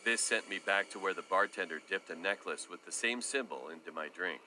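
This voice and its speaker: A man reads a creepy first-person storytime script. His voice is on the low side but very bright and forceful, and faint noise sits underneath. He keeps the reading steady and even. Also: fairly quick. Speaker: story narrator.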